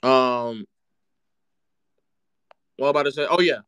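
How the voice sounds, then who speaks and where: A man's voice: medium pitch, slow, a bit bright, smooth, dry recording, studio quality. Sarcastic man ranting about basketball. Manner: sarcastic and mocking, repeats phrases for effect. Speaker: streamer.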